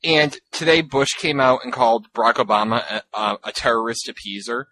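A man in casual chat, enthusiastic and excitable, ranting in a quick back-and-forth. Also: medium pitch, a little hiss or hum.

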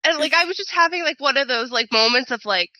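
A woman chats casually about her long day, piling up fillers and quoted asides. Her voice is bright and a little high for a woman. The sound is dry and close. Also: quick pace, no echo, low-quality recording. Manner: rambling, animated storyteller, many fillers. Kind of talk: casual chat.

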